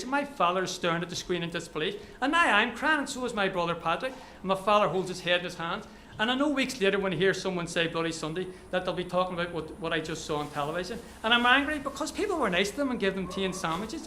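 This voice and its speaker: A man's voice: high-pitched, bright, forceful tone, a little hiss or hum. A man reading his own short story aloud at a live event, telling it vividly in the present tense. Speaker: author.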